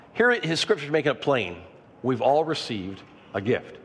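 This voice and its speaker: A man's voice: medium pitch, very animated, moderate pace, slight background noise. A man preaching a sermon to his congregation as pastor, breaking off to ask them for an amen and to talk to the person beside them. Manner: preaching with call-and-response asides to the congregation. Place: church sanctuary. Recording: long church reverb.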